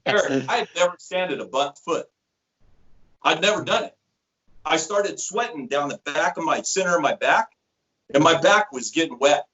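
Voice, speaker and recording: Animated storytelling man, high voice. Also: normal speed, lo-fi sound. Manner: animated storyteller acting out quotes. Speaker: sales rep. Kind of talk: storytelling interview chat.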